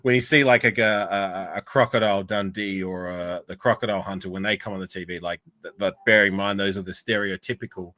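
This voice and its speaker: A man with an Australian accent, co-hosting a casual livestream chat in a relaxed, filler-heavy way with lots of "like". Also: low-pitched, fairly quick, hardly any pauses, dry recording. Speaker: co-host.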